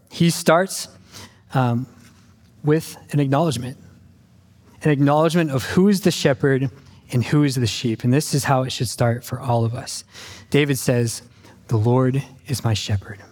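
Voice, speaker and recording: A man's voice: medium pitch, darkish tone. Earnest man preaching in a reverberant hall. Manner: earnest, conversational, many ums and "right?" checks. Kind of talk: sermon.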